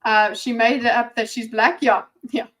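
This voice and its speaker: A chatty woman with a slightly high voice, giving casual commentary as she reacts to a video. She talks in an animated way, stumbles over repeated words and restarts her sentences, and sometimes drops almost to a whisper. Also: moderate pace.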